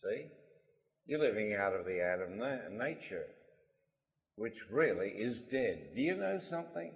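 A man's voice: lowish voice, expressive, unhurried, lo-fi sound. Emphatic male preacher in reverberant hall. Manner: emphatic, repeats key lines, swings between loud and soft. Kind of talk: sermon.

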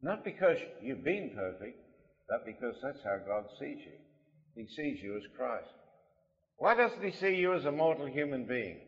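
A man preaching a sermon, emphatic, repeating his key lines and swinging between loud and soft delivery. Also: mid-range voice, very animated, normal speed. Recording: lo-fi recording in a reverberant hall.

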